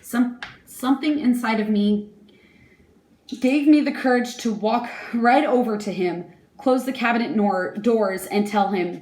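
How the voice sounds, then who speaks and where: A young woman reading her prepared impact statement aloud in a measured, earnest way. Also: a little high, a little mellow, echoey room. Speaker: victim giving an impact statement.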